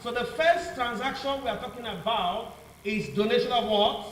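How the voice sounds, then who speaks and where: A man's voice: extremely high pitch, normal speed, fairly bright tone, a little hiss or hum. A male law teacher giving a revision lecture, asking the class to finish his sentences with "what?". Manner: call-and-response questioning, repeats "what?" for the class to fill in. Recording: echoey room, mic far off, faint ambience.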